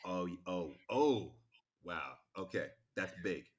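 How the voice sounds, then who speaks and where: A man who is a relationship expert, a podcast guest in casual chat, animated and repeating words for emphasis. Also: sits low, takes it slowly.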